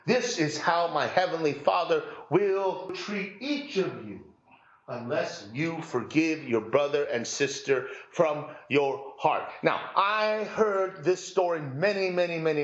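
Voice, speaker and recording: A male pastor preaching a sermon, telling a parable in a lively, humorous storytelling way and acting out the quotes. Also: on the high side, roomy sound, highs cut off.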